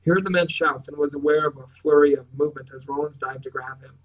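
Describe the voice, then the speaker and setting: Man reading a novel, flat and distant. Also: on the high side. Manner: measured, with frequent throat clearing and restarts. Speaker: reader. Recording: distant mic.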